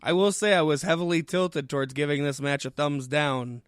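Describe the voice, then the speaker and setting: A man with a smooth, resonant voice pitched a little high talks bluntly on a podcast. He swears casually, and the sound is dry and close. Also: fairly even intonation, moderate pace, dry recording. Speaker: podcast co-host. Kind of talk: casual chat.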